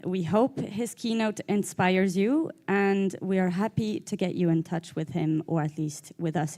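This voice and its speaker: Mellow-voiced woman introducing a speaker. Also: fairly low pitch. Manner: conversational, with some fillers. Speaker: event moderator. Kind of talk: conference introduction.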